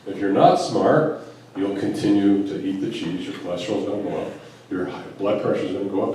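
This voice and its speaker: A US spiritual teacher and physician gives a talk to a live audience, telling stories with quoted dialogue and rhetorical questions. His voice is fairly low, fast, and warm. He's recorded from a distance in a large, echoey event room with faint background noise.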